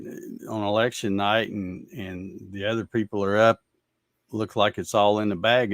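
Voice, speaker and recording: A man's voice: lowish voice, vocal fry, dry recording, clean studio sound. A man hosting a casual livestream, ranting in a fed-up, sarcastic way and laughing at viewer comments. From Georgia, USA. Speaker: show host reading viewer comments.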